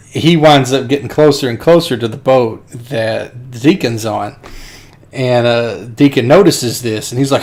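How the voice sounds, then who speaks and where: A man co-hosts a film podcast, walking through a movie scene in a chatty, storytelling way. He laughs often as he goes, and his voice sits at an ordinary middle pitch. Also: unhurried, a little mellow. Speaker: podcast co-host. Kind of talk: casual film discussion.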